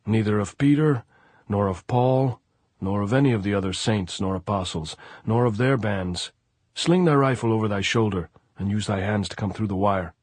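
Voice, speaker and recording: A man doing a suspicious militia commander interrogating a messenger. Slow to trust, dry and questioning. Husky tone, dry close sound. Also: on the low side, a little mellow, dry recording, natural voice. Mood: dismissive. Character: gruff male militia post commander, suspicious, unhurried.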